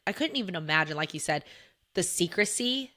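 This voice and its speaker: A woman with a slightly low voice co-hosts a book podcast, joking around with her friend in relaxed conversation. She talks with animated, playful energy. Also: fairly quick. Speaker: podcast co-host. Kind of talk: casual chat.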